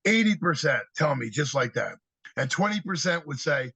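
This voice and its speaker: A man guest on a podcast, telling lively stories about kids and acting out their replies in an energetic, conversational way. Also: a little high, normal speed, husky, dry recording, low-quality recording. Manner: animated storyteller, acts out kids' answers. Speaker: podcast guest, youth speaker. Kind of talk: storytelling interview talk.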